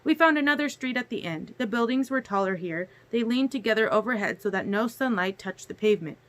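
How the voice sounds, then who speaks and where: A woman narrating a novel chapter aloud in a steady storytelling manner. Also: fairly high pitch, a little fast. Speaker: audiobook reader. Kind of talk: audiobook narration.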